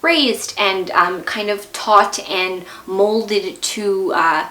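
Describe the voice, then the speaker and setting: A woman's voice: mid-range voice, fairly even intonation, very slow, pushed and bright, roomy sound. A young woman hosting a video series, emotional and rambling as she wraps up an interview. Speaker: host. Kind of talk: vlog outro.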